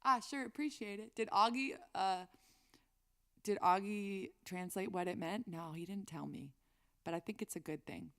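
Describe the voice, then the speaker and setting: A woman's voice: mid-range voice, normal speed. A woman singer-songwriter chatting on a live stream between songs, rambling and reading chat aloud.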